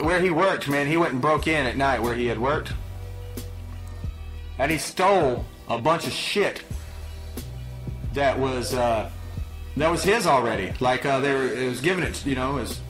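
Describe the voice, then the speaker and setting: A man's voice: mid-range voice, a bit bright. A man hosting a podcast, telling stories in a blunt, profane, exasperated rant. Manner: blunt, swearing, exasperated storytelling. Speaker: podcast host.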